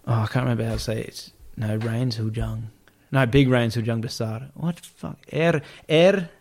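A man telling a travel story in casual chat, animated, acting out the voices of the people in it and swearing freely. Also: mid-range voice, moderate pace.

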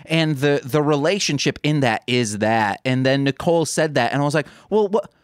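A man's voice: fairly high pitch, expressive, moderate pace, smooth, no echo, studio quality. A man co-hosting a podcast, telling rambling stories in casual chat and acting out quoted dialogue. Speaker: podcast co-host.

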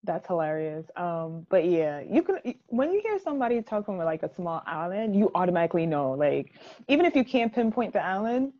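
A young woman from Jamaica co-hosting a casual chat, talking in an animated, emphatic way with laughing asides. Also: lowish voice, a little fast. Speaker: podcast co-host. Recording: dull lo-fi sound.

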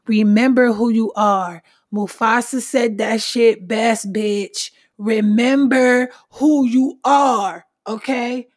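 A woman's voice: medium pitch, darkish tone. A woman hosting her own podcast, talking bluntly and with a lot of swearing in a casual self-help monologue, noticeably short of breath. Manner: blunt, profane, emphatic. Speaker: podcast host.

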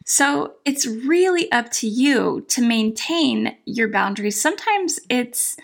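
A middle-aged woman coaching her listeners with firm, emphatic instructions. Her voice sits a little high, and she lays out each point plainly and with conviction. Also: animated, slow pace, gravelly. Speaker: self-help coach. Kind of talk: direct-to-camera advice talk.

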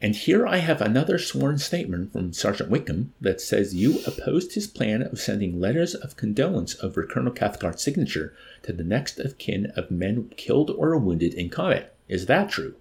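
A man's voice: lowish voice, big pitch swings, moderate pace, vocal fry, hardly any pauses, a little mellow, voice pushed up. A man voicing a cold, mocking military officer interrogating a prisoner with nonchalant tartness.

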